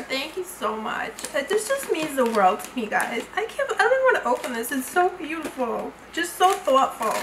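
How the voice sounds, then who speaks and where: High-voiced, gushing woman beauty vlogger. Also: very animated, moderate pace, few pauses, reverberant, noisy background. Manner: gushing, effusive, frequent exclamations. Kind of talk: unboxing vlog chat.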